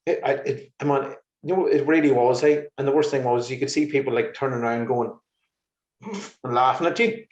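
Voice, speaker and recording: A man's voice: medium pitch, a little fast. A man, a musician guest on an interview, telling exasperated stories in casual chat. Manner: lively, exasperated anecdotes with laughs. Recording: roomy, slightly muffled recording.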